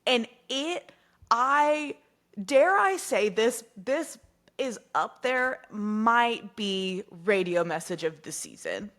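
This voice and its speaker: A woman's voice: on the high side, lively intonation, takes it slowly, fairly bright tone. A woman co-hosting a casual podcast, giggly and rambling with many fillers. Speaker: podcast co-host. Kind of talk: casual chat.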